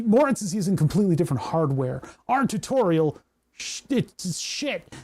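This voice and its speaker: Mellow-voiced rambling livestream host. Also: mid-range voice. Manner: rambling, with many fillers, restarts and casual swearing. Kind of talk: casual livestream chat. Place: home workshop.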